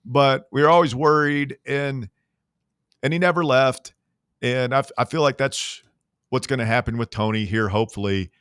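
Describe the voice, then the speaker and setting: A man's voice: mid-range voice, normal speed, a bit bright, clear, resonant tone, no echo, clean studio sound. A man hosting a sports talk radio show in a rambling, jokey, self-deprecating way. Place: radio studio. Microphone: studio microphone.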